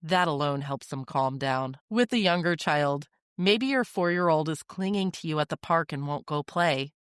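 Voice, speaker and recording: A woman hosting a parenting podcast, giving measured, reassuring instructional talk. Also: sits low, smooth, dry recording, studio quality.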